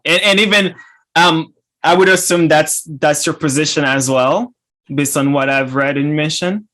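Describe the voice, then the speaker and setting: A man's voice: fairly high pitch, measured pace, a bit bright. A man hosting an interview, asking hesitant questions and restarting his sentences. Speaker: podcast host.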